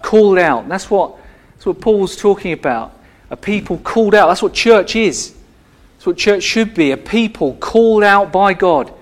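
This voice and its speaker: A man's voice: high voice, expressive, moderate pace. A man preaching a sermon as the church's pastor, earnest and emphatic, repeating phrases and restarting his sentences.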